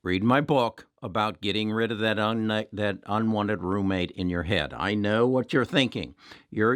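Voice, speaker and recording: A man's voice: on the low side, dry recording, studio quality. A man hosting an investing channel, talking casually and emphatically to his viewers, with frequent restarts and repeated points. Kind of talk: casual investing talk to camera.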